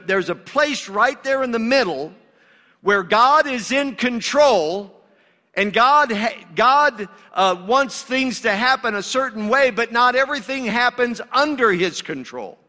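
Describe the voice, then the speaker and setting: Bright-voiced pastor preaching in a hall. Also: male voice, high voice. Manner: conversational, emphatic preaching. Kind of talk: sermon. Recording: long reverb of a large hall.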